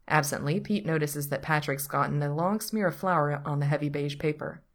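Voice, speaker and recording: A woman narrating a story aloud in an even, unhurried manner. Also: sits low. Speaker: story reader. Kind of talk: reading fan fiction aloud.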